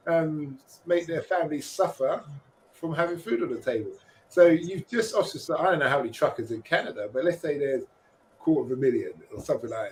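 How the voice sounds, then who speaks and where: Brief: man, podcast co-host, lively and joking, pitched a bit high. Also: a little hiss or hum, rough recording. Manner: animated, jokey, slips into quoted voices. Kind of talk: casual podcast discussion.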